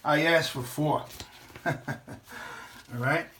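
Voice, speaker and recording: Middle-aged New man ranting to camera, blunt and profane, voice sitting a touch high. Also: steady tone, extremely slow, pushed and bright, slight background noise. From New York. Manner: blunt, profane, repeats and restarts. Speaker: vlogger. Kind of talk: casual ranting monologue.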